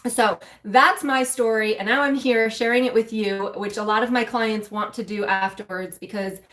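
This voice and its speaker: A mentor and spiritual coach for women, speaking in a fairly high, steady, slightly bright voice at a moderate pace, candidly shares her story with live-stream viewers. She's emotional and talks to them directly in a loose, conversational manner.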